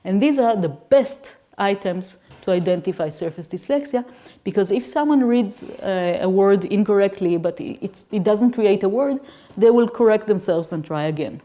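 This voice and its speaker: A woman's voice: medium pitch, expressive, normal speed, warm tone. A woman, a native Hebrew speaker, giving an academic lecture as guest lecturer, explaining step by step with restarts and checks like "okay?". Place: lecture hall.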